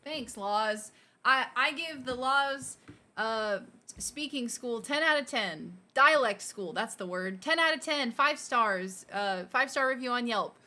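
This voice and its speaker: A woman's voice: on the high side, animated, measured pace, pushed and bright. A woman streamer chatting casually, joking and teasing while she tries out slang. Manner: jokey, teasing, game for a laugh.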